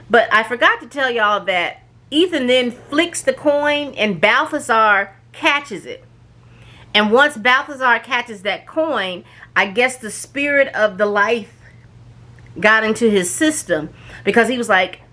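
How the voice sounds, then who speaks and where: A woman casually recapping a show's episodes, telling the story in an animated way and acting out the characters' lines. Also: medium pitch, measured pace. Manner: animated storytelling, acts out quoted lines, frequent restarts and fillers. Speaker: reviewer recapping a show.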